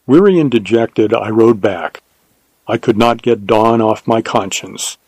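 A man reading a first-person adventure story aloud in a measured, unhurried way. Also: mid-range voice, dark tone, no room sound, poor audio. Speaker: narrator. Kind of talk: scripted audiobook narration.

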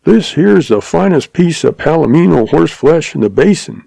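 A man's voice: fairly high pitch, expressive, moderate pace, creaky, warm tone, husky, dry recording, voice pushed up, exaggerated voice. A man voicing a chuckling, folksy little old male stableman in a western audiobook, talking in a country drawl. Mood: chatty.

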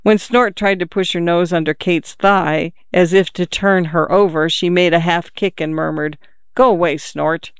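An audiobook narrator reading a literary novel in a measured, even storytelling manner. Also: medium pitch, clean tone, dry recording, studio quality.

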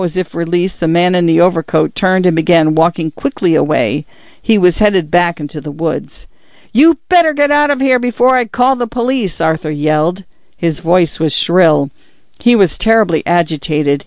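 A man narrating a story in a measured storytelling manner. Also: fairly high pitch, no room sound. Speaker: audiobook narrator. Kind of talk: scripted narration. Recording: slightly dull, dry read.

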